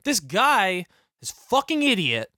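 A man co-hosting a podcast, talking bluntly and sardonically with plenty of swearing. His voice sits a little high and sounds dry and close. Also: huge pitch swings, slow, pushed and bright, no echo. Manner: blunt, profane, sardonic ranting. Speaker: podcast co-host. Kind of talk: casual chat.

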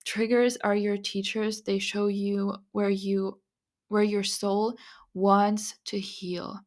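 A woman hosting a podcast, talking through spiritual advice in an earnest, confiding way, with many "like"s and soft breathy asides. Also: mid-range voice. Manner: earnest, confiding, full of "like" and "you know". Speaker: podcast host. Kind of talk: casual spiritual monologue.

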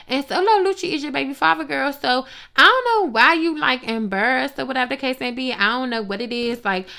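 A woman giving blunt, profane, sassy commentary on reality TV gossip, with animated asides. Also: fairly high pitch, smooth. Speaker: gossip vlogger.

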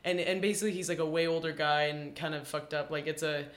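A woman's voice: sits low, fairly even intonation, quick pace. Chatty young woman, echoey room. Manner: chatty, laughs often, lots of "like". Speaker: podcast guest, camera operator. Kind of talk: casual chat.

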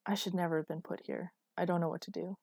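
A woman's voice: on the low side, fairly even intonation, fast talker, vocal fry, darkish tone, breathy edge, no echo, clean studio sound. A woman narrator voicing a stressed male military commander who is out of his depth, asking anxious, pleading questions. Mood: distressed.

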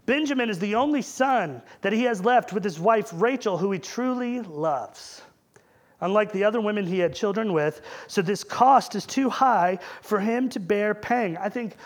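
A man's voice: high voice, animated, moderate pace. A man preaching a sermon in a conversational way, asking the congregation rhetorical questions.

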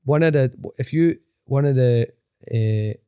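Man, young adult, mellow voice, quick rambling chat, swearing, dry sound. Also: mid-range voice, clear, resonant tone, dry recording, lo-fi sound. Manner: fast rambling talk, swearing, full of fillers. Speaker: DJ guest. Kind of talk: casual chat.

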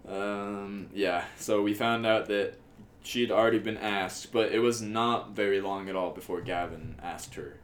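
A young man with a lowish voice trading jokes and quick asides on a casual podcast. His voice rings in an echoey room with a faint hiss behind it. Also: fairly even intonation. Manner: joking, chatty, quick asides. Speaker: podcast co-host. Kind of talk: casual chat.

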